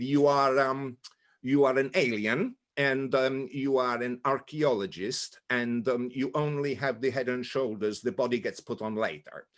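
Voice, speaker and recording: A man with a southern English accent, a guest actor chatting casually and telling animated stories that slip into voices. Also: mid-range voice. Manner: animated storyteller who slips into voices. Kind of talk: casual chat.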